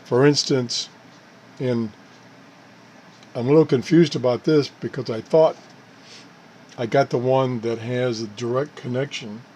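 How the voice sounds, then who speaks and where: A man's voice: mid-range voice, a little mellow. Rambling, self-correcting man. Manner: rambling, self-correcting, chuckles at own mishaps. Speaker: channel host reviewing gadgets. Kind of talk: casual unscripted product talk.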